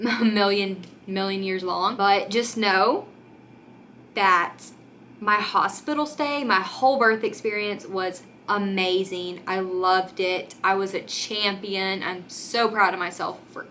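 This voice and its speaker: Her voice is medium-pitched with a sharp tone, over a bit of background noise. This young woman vlogger chats openly to the camera, filling her speech with "um" and "like," and at moments she nearly cries.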